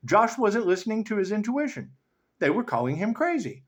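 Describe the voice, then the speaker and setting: A man with a somewhat high, very animated voice delivers a rambling spiritual monologue full of profanity. He laughs often and lurches from loud bursts to low mutters as he talks like a tarot reader addressing his viewers. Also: fairly quick, lo-fi sound.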